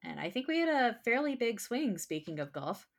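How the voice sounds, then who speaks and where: A woman's voice: on the high side, very animated, fairly quick. A woman hosting a casual trivia podcast, reading questions aloud and laughing easily. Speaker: trivia host.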